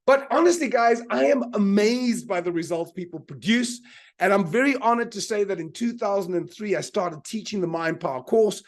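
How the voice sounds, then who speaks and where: Speaking at a normal pace in a high, animated voice, a man teaches mind power during a live online motivational seminar. He's energetic, says his main points more than once, and constantly prompts the audience to type replies in the chat.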